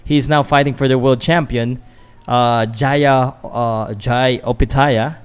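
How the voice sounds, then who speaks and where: A man's voice: mid-range voice, steady tone, measured pace, smooth. A Filipino man, a boxing vlogger doing casual live fight commentary, chatting loosely to viewers with fillers and restarts. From Philippines.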